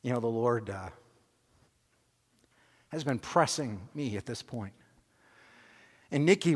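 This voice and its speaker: A man preaching, telling a personal story with animated, self-deprecating humor and acting out scenes. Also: medium pitch, big-room sound. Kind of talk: sermon storytelling.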